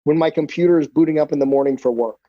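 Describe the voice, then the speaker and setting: A middle-aged man, a guest on a podcast, telling stories in a blunt, profane, animated way. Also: a little high, very fast, no echo. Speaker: podcast guest, black belt instructor. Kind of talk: casual storytelling interview. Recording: dull, dry podcast audio.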